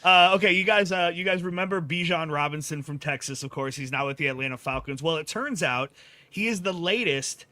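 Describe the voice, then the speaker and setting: A man co-hosting a casual sports talk show, telling stories quickly in a chatty way. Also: a little high, bright, forceful tone, dry recording. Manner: quick, chatty storytelling with fillers. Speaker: radio show co-host.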